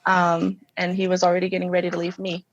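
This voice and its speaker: A woman guest telling her personal story in an interview, halting, with many fillers and restarts. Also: on the low side, completely flat delivery, dry recording, dull audio. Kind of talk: emotional personal testimony.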